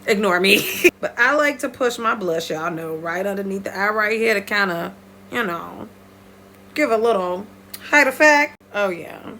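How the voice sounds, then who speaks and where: A woman talking viewers through her makeup in a playful, chatty tutorial, breaking into high squeals now and then. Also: normal speed, slight background noise. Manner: lively, playful, talks straight to viewers. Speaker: beauty vlogger.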